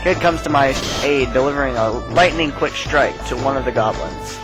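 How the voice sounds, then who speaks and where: A man's voice: medium pitch, moderate pace, low-quality recording. A man hosting a let's play, casually reading a text game aloud and adding his own asides. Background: faint game music.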